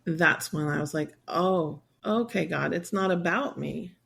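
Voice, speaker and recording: A woman in her sixties, speaking in a podcast interview with a gravelly edge to her voice. She tells a personal story in a candid, rambling way. She slips into quick quoted voices of herself and others. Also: fairly low pitch, fairly bright tone. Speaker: guest, survivor advocate.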